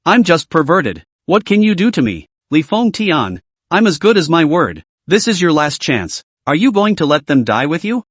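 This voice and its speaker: A man's voice: a little high, very animated, moderate pace, no room sound. A man voicing a smug, cruel male gang boss who taunts and mocks. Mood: taunting. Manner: taunting, mocking.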